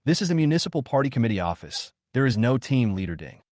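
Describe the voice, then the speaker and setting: A man's voice: mid-range voice, sing-song, fast, darkish tone, no room sound, studio quality, lightly acted. A man voicing a scheming male office director who is shocked and flustered. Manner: flustered, hasty. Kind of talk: recap narration with quoted lines.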